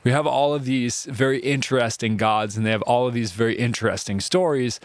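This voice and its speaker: A man's voice: mid-range voice, fairly quick, no echo. A man giving a casual classroom ethics lecture, chatty and conversational, often checking in with "right?". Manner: chatty, conversational, uses filler words like "right?" and "like".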